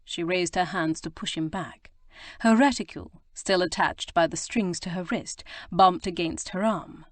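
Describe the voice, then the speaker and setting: A woman narrates a novel in a measured, expressive way. Her voice sits on the low side. The recording is dry and close, with no room sound. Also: dry recording. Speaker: audiobook narrator. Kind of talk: scripted narration.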